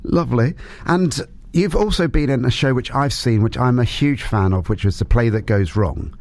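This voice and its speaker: A man's voice: mid-range voice, moderate pace. A man hosting a radio show, interviewing a guest with enthusiastic, chatty energy. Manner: lively, enthusiastic, laughs easily. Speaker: radio presenter.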